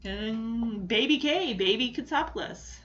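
A woman's voice: on the high side, expressive, a little slow, fairly bright tone, dull audio. Gushing woman recapping a sitcom. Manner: gushing, enthusiastic. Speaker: show recap host. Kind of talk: casual episode recap.

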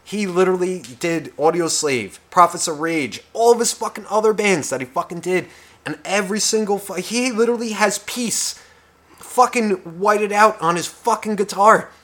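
A young man co-hosting a podcast, ranting in a profane, heated way, swinging between loud outbursts and whispers. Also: high voice, moderate pace. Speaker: podcast co-host. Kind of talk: casual podcast rant.

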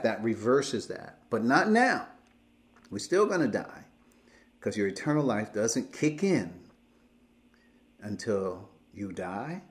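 A man preaching a sermon, teaching through Bible verses point by point with slow emphasis. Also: on the low side.

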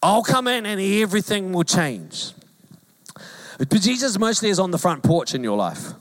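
High-voiced New Zealand pastor preaching. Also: male voice, moderate pace. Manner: animated, jokey, mimics calls in a high voice. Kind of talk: sermon. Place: church hall.

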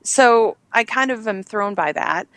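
A woman's voice: medium pitch, expressive, a little slow, a bit bright, no echo. Chatty woman, dry close sound. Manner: enthusiastic, rambling with fillers. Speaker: host. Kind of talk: casual entertainment news chat.

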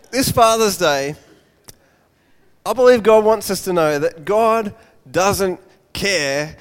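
A man preaching a Father's Day sermon, an animated storyteller who acts out the voices of his characters. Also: sits high, smooth, big-room sound.

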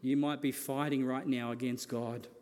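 A man's voice: medium pitch, little pitch movement, moderate pace, a little mellow, a little hiss or hum. A man preaching a sermon as a pastor, earnest and building his points through repeated phrases. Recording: long reverb of a large hall.

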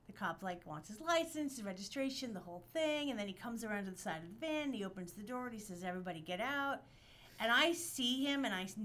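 A woman on a podcast telling a story in casual chat, animated and profane, acting out the quotes. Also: fairly high pitch. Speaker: podcast guest.

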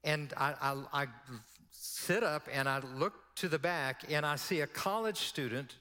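A man's voice: fairly high pitch, unhurried, bright, forceful tone, smooth. A male pastor telling a story in a sermon, acting out the dialogue as he goes. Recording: long hall reverb.

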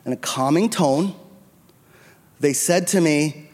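A man's voice: a little high, slow, pauses often, a little mellow. A middle-aged man preaching a sermon as a pastor, telling a personal story in an earnest, confessional way, on a handheld microphone. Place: church sanctuary. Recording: long reverb of a church hall.

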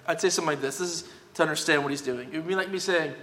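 Racing along with few pauses, a pastor preaches in a bright, forceful voice pitched a bit above the usual male range. He hammers his points home in a conversational, emphatic manner, tossing in tag questions, and the sound echoes with a long, large-hall reverb.

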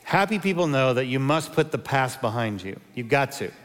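A pastor in his fifties preaches a sermon, weaving in humorous stories from his own life. His medium-pitched voice is expressive and moves at a normal speed, trailing off with a long reverb tail.

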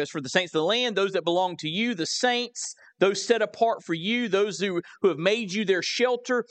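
A man's voice: high-pitched, normal speed, hardly any pauses, a bit bright. A man with a Southern US accent, a pastor preaching a sermon in a church, repeating key lines and putting questions to the congregation. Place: church sanctuary. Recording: live recording with long hall reverb.

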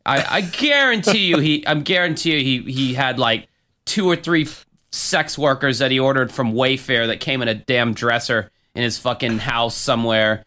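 Bright, clear-voiced man venting bluntly. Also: medium pitch, moderate pace. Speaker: podcast co-host. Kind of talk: casual chat.

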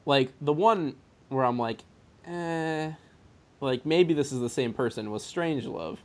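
A man talking casually about a film with a friend, laughing often and slipping into quick impressions of the characters. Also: mid-range voice. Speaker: film podcast co-host.

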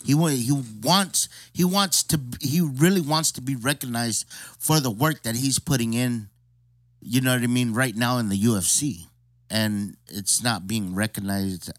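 A man's voice: medium pitch, moderate pace, dry recording, studio quality. A man in a laid-back casual chat who keeps saying "you know what I mean" and "dude".

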